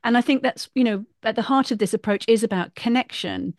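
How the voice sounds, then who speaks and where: Animated woman hosting a podcast. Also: on the high side, a little fast, no echo, clean studio sound. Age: middle-aged. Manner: animated, acts out voices in quotes. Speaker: podcast host, parenting coach. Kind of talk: casual conversational interview.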